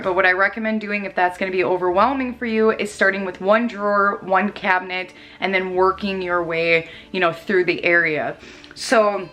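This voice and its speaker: Casual cleaning-vlog host, a woman with a mid-range voice; talks fast and chatty over soft background music. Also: medium pitch. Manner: chatty, restarts sentences, talks fast when explaining.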